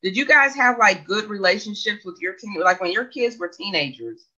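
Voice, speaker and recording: Hosting a casual livestream, a woman in her forties works through viewers' comments, chatty and rambling, questioning herself with frequent laughs. Her medium-pitched voice is expressive, bright and forceful at a moderate pace, with a breathy edge. Audio is dull and lo-fi.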